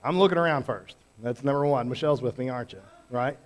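A man preaching a sermon in a conversational, animated way, acting out quotes as he teaches. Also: mid-range voice, fast. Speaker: pastor.

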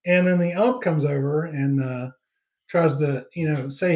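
This man's voice is fairly high, a touch slow, and slightly mellow. Chatting on a podcast as co-host, he rambles through a movie recap full of fillers, performing the quotes as he goes.

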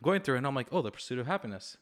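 Fast-talking, profane young man. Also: medium pitch. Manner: profane, animated storytelling. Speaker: podcast co-host. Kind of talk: casual podcast chat.

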